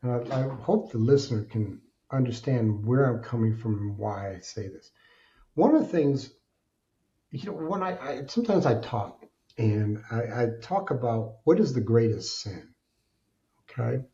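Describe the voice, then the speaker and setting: A man speaks as a podcast guest, telling his story with animated emphasis and a dark, mellow tone. The sound is a little dull and muffled. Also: mid-range voice, moderate pace. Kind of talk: candid storytelling interview.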